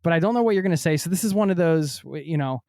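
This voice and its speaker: A man hosting a travel podcast, talking in an energetic, jokey way with plenty of casual fillers and restarts. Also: fairly high pitch, rapid-fire, dry recording, clean studio sound. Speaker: podcast host. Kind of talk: upbeat podcast intro and chat.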